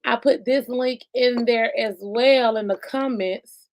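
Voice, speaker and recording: A woman hosting her live-streamed podcast in a casual, chatty way, laughing often and swinging from loud bursts down to soft asides. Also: a little high, steady tone, slow pace. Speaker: podcast host.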